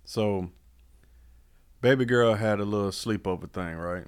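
A man's voice: fairly low pitch, unhurried, clean tone. A man co-hosting a podcast, telling stories in a laid-back way with lots of slang. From United States. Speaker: podcast co-host. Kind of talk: casual chat.

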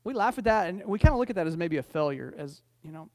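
High-voiced folksy pastor preaching. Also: male voice, expressive, fast, hardly any pauses, darkish tone, no room sound, clean studio sound. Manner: folksy and joking, restarts and repeats words, rising to emphatic points. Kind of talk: conversational sermon with storytelling. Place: church sanctuary.

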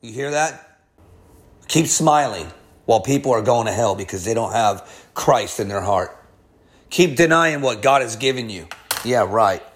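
A man preaching a fiery sermon as a pastor, upset and scolding, with heated, emphatic delivery and sudden swings of loudness. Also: mid-range voice, lively intonation, a little slow.

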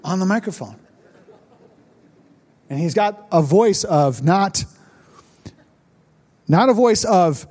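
A young male pastor preaching in a relaxed, storytelling way, often asking the congregation whether they remember. His voice sits a little high and sounds warm and mellow. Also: a little slow, pauses often. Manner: storytelling, conversational with congregation asides. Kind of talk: sermon with personal story.

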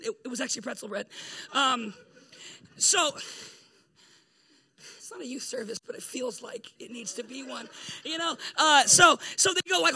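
A man's voice: very high voice, moderate pace, long pauses, bright, forceful tone, breathy edge. A man, a pastor, giving a casual, humorous sermon, telling stories in a chatty way and laughing often. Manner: jokey, chatty storytelling with frequent laughs.

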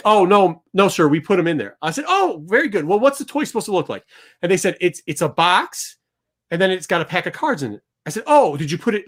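A middle-aged man hosts a show and tells a story with plenty of animation, acting out the other people in it. His voice sits somewhat high for a man. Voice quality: animated, acts out both sides of the exchange. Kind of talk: storytelling to a studio crew.

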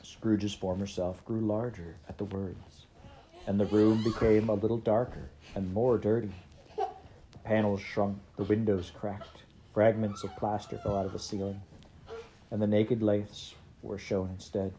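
A woman reading a classic story aloud, steady and expressive. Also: rumbling low, a little slow. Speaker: audiobook reader. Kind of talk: scripted narration.

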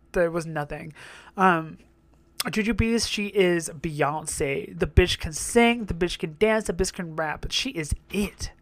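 A woman's voice: fairly low pitch, gravelly, no room sound. A young woman chatting casually as she reacts to a TV show, often swearing and laughing as she goes. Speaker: reaction vlogger.

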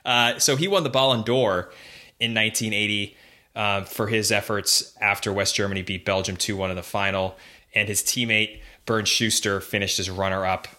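A man's voice: on the low side, fairly even intonation, normal speed, pushed and bright. A man co-hosting a casual sports history podcast, chatty, reading facts aloud with fillers and restarts. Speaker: podcast co-host.

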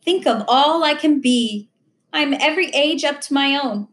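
A woman voicing a wise, gentle dying old professor of seventy-eight, speaking in an earnest, patient, teaching way. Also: high voice, normal speed, pitched above the performer's own voice. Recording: roomy echo.

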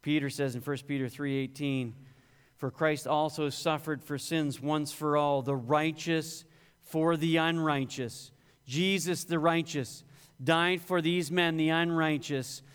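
A man's voice: a little high, fairly even intonation, unhurried, clean tone. A male pastor preaching a sermon, rising in emphasis on quoted scripture. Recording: long hall reverb.

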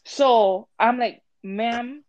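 A woman telling a story in casual chat, animated and swearing, acting out both sides with a voice she calls harsh. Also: on the high side, extremely slow, lo-fi sound, slight background noise. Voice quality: harsh-sounding voice.

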